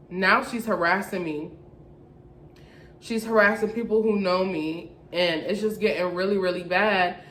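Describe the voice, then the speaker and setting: A young woman telling a storytime vlog in a casual, slangy, animated way, acting out the people she quotes. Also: mid-range voice, unhurried, slight background noise. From Florida, USA. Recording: echoey room.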